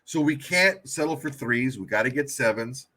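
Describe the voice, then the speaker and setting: A man's voice: mid-range voice, animated, moderate pace, bright, forceful tone, breathy edge. A man co-hosting a casual sports podcast, blunt and emphatic, swearing heavily. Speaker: podcast co-host.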